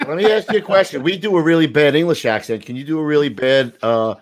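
A man's voice: fairly high pitch, quick pace. A man co-hosting a talk show, teasing and joking crudely. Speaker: co-host. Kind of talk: casual chat.

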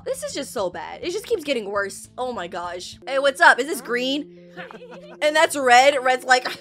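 Excitable high-voiced woman reacting. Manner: excitable, gasping and crying out at twists; mocks characters in quick voiced asides. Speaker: reaction video host. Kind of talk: animation reaction commentary.

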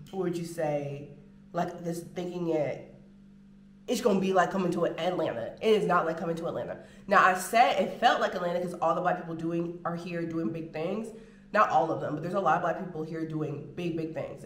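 An American woman vlogging in casual chat to the camera, animated and full of drawn-out filler words. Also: fairly low pitch, a little hiss or hum. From United States. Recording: roomy home room echo.

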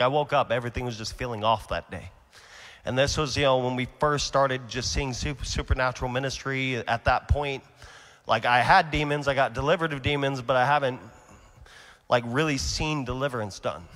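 A man preaching a sermon at a conference, telling stories with a voice that swings from quiet to shouting. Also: mid-range voice, in a large hall.

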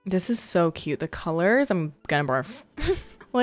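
A woman giving excited gameplay commentary, gushing and squealing with delight. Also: lowish voice, moderate pace, faint music behind. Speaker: gaming video creator.

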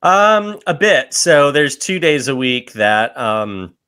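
A man's voice: medium pitch, very animated, takes it slowly, sharp tone, smooth, no echo, clean studio sound. A man talking as a podcast guest in casual chat, easygoing and hesitant, with many fillers. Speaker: podcast guest, video editor.

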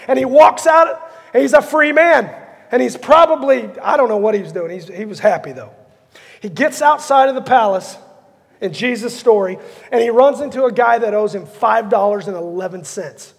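A man with a strikingly high-pitched voice and a rough, gravelly edge delivers an animated sermon. He tells the story with energy and acts out the characters. His words hang in the long reverb of a church sanctuary. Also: normal speed. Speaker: pastor.

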